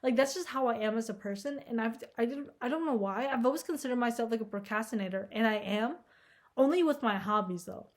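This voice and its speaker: Young adult woman, slightly high voice, casual anxious vlog ramble, heavy filler and profanity. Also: fast. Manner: anxious, self-deprecating. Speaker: vlogger.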